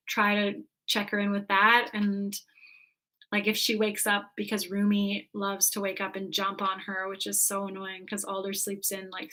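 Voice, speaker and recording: Woman guest rambling through stories, bright clear voice, lots of "like". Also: mid-range voice. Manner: animated storytelling, full of "like" fillers. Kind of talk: casual conversation.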